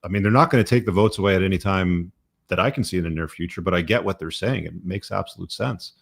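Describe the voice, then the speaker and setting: Middle-aged man, very low voice, dry close mic, blunt podcast talk. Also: quick pace, vocal fry, slightly rough, dry recording. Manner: blunt, profane opinions with frequent fillers. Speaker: podcast host.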